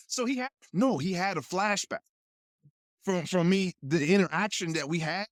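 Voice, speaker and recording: Speaking slowly in a high voice, a male guest actor recounts a story during a casual chat, recorded in studio quality without room sound. He gets animated, laughs frequently, and acts out each quoted voice.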